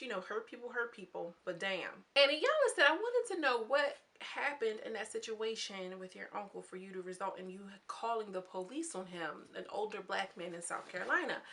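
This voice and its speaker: A young woman casually recapping a reality show, chatty and candid, often acting out what the people said. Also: pushed and bright. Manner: chatty and candid, acting out quoted lines with swings in pitch.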